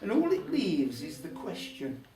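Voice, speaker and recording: Older Black Country male storyteller, wry and chatty; high, animated voice in a roomy hall, distant mic. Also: measured pace, slight background noise. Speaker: folk club storyteller. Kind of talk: humorous storytelling to a live audience. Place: folk club room.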